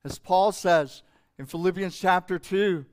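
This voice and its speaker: A middle-aged man preaches a sermon with a somewhat high voice. His delivery is emotional and emphatic, swelling up and dropping back down as he drives home his points. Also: measured pace. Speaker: pastor.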